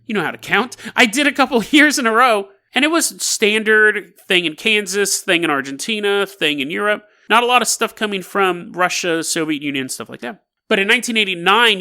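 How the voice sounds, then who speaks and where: High, animated storytelling man. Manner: animated, laughs while telling. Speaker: podcast host. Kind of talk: casual storytelling.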